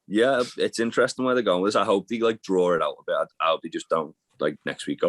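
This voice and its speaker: A man's voice: sits low, fairly even intonation, quick pace, few pauses, fairly bright tone. A man co-hosting a podcast, rambling and profane in fond, casual banter. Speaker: podcast co-host. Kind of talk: casual chat.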